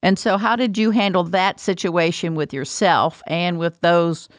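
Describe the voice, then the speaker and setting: A woman's voice: fairly low pitch, steady tone, a little slow, no echo. A woman interviewing a guest, asking questions and reflecting on the answers with enthusiasm.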